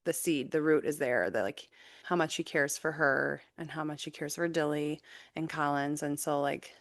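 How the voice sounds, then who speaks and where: Low-voiced woman musing in casual chat. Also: normal speed, no room sound, clean studio sound. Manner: reflective, rambling with many fillers. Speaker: guest, teacher and mother.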